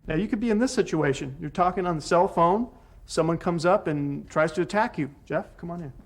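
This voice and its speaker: A man's voice: a little high, fairly quick, soft background music. A man teaching self-defense techniques to a class, giving short commands and encouragement as students practice. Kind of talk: hands-on class instruction.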